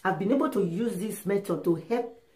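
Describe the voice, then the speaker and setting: A woman giving relationship and sex advice in a casual monologue, emphatic and animated, acting out little dialogues. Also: mid-range voice, moderate pace. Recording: roomy echo.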